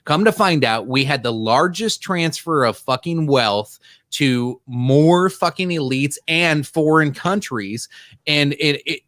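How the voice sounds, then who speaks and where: A man co-hosting a casual livestreamed podcast, ranting with heavy profanity and animated outbursts. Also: on the high side, no room sound, studio quality. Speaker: podcast co-host. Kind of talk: casual political podcast chat.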